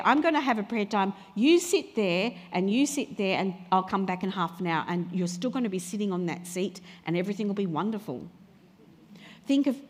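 Woman, preacher, earnest sermon delivery with slow emphatic repeats; long church reverb. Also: medium pitch.

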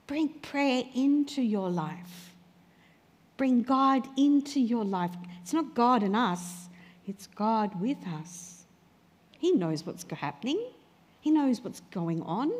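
A woman preaching a sermon, earnest, slowing down to repeat key phrases. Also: on the high side, expressive, darkish tone. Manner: earnest, varied pace with slow emphatic repeats. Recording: long hall reverb.

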